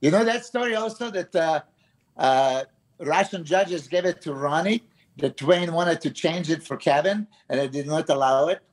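Guy, pretty high voice, cursing casually. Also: lively intonation, moderate pace. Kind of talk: casual chat.

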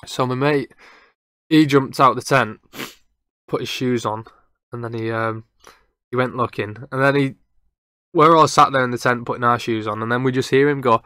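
Bright, rambling storyteller guy. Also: medium pitch, normal speed, dry recording, studio quality. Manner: rambling, self-correcting, chatty. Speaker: podcast host. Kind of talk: casual storytelling.

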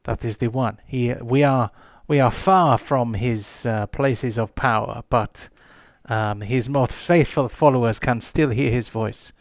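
A man voicing a solemn woman voodoo priestess with a put-on slight French-Caribbean accent, speaking slowly and gravely in a tabletop game. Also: mid-range voice, no echo, natural voice. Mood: stern.

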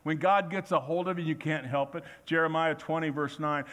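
Male pastor preaching in church; animated, plays out quotes, voice a bit high. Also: normal speed. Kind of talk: sermon.

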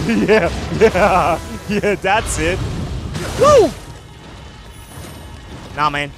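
A man giving let's play commentary, excitable and yelling his reactions at enemies over game music. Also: high voice, extremely slow, pauses often. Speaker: gamer.

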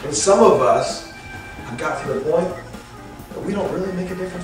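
Brief: animated male motivational speaker, thirties, high voice, heard from far off in a big hall. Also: normal speed. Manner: animated, acts out scenes, laughs often. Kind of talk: leadership seminar talk. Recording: echoey hall from far off, faint music.

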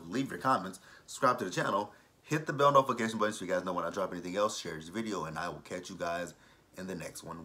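A man hosting a casual reality TV recap vlog, animated and profane, laughing often. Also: sits low.

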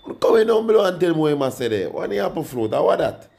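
A man's voice: fairly high pitch, fast talker, gravelly, breathy edge. A young man with a Jamaican accent, rambling casually in patois as he reviews a song for his viewers. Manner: rambling, animated, speaks in patois, addresses viewers. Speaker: music reaction vlogger.

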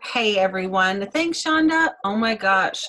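A woman's voice: medium pitch, expressive, a little slow, bright, forceful tone, poor audio. A chatty, bubbly woman giving a blunt training talk as a team director on a video call. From Wisconsin, USA.

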